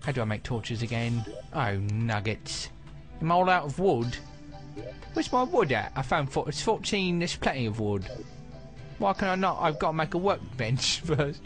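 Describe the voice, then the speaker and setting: A man hosting a let's play, giving goofy, excitable, self-mocking gameplay commentary. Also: medium pitch, moderate pace, faint music behind.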